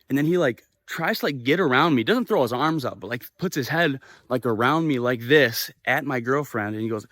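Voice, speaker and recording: A young man telling a story in a casual vlog, animated and swearing freely as he acts out the quoted voices. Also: medium pitch, brisk, few pauses, no room sound, studio quality. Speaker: vlogger. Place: living in Japan.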